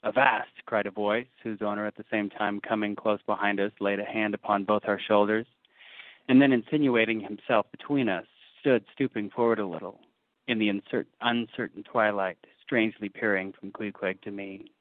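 A man reading a classic novel aloud as an audiobook, in a measured literary manner with occasional restarts, on a tinny, dry, phone-like recording. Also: lowish voice, flat delivery, dry recording. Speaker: audiobook narrator. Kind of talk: scripted audiobook narration.

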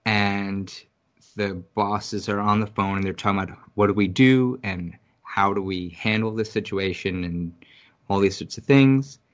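Man from New York City, lower voice, casual, swears a lot, animated storyteller. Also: measured pace. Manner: rambling, profane, animated storytelling. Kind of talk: casual conversation. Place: Virginia.

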